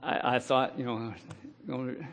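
A middle-aged man preaching a sermon, telling a personal story in a plain way and breaking into loud, impassioned scripture quotes. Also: medium pitch, flat delivery, slow, slight background noise. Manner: rises to loud impassioned preaching, then drops to quiet storytelling.

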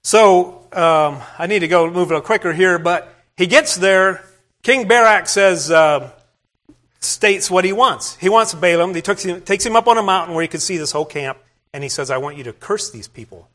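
Male preacher, sermon, conversational storytelling, asides to listeners, somewhat higher-pitched voice. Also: moderate pace, a bit bright. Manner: plain-spoken, conversational storytelling with asides to the congregation. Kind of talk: sermon retelling a scripture story.

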